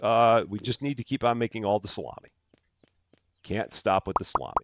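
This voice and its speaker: A man's voice: lowish voice, brisk, no room sound. A man hosting a live game stream, chatting casually and greeting viewers by name with upbeat lifts in his voice. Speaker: livestream gaming host.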